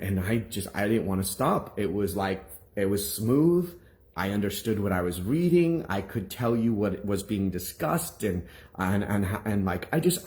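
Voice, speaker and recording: A man, a minister, giving a personal testimony to his congregation in an animated, rambling storytelling manner full of restarts. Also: lowish voice.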